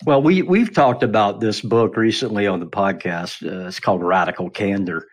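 A middle-aged man with a somewhat low voice talks on a podcast in a loose, casual way. He restarts his sentences often and jokes at his own expense. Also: normal speed. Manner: self-deprecating, rambling with many restarts. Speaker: podcast host.

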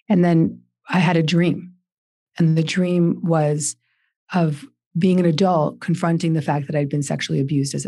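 A woman's voice: sits low, fairly even intonation, normal speed, darkish tone, no room sound. Woman in her 40s telling her story on a podcast, earnest and emphatic, dry close sound. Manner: earnest, emphatic, with repeated rhetorical questions. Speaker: guest author. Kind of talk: personal storytelling in a podcast interview.

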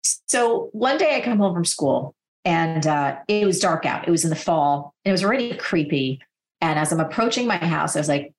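A woman in her forties from New Jersey tells personal stories as a guest. Her voice sits a little low. She talks vividly and casually, peppering her sentences with "like.". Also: a little fast. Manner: lively, vivid anecdotes full of "like" fillers. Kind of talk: personal storytelling in conversation.

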